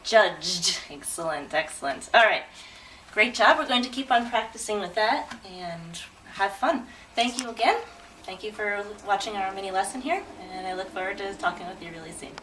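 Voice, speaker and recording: A woman teaching pronunciation, drawing out each word slowly and clearly. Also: medium pitch, expressive, fairly bright tone, recorded from a distance, a little hiss or hum, low-quality recording. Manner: slow, drawn-out, over-articulated. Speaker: English pronunciation tutor. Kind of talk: demo pronunciation lesson.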